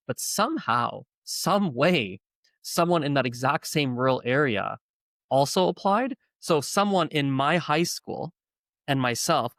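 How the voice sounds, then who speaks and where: A man from Canada, a podcast guest telling stories in a lively, self-correcting way. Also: medium pitch, no room sound. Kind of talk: conversational storytelling.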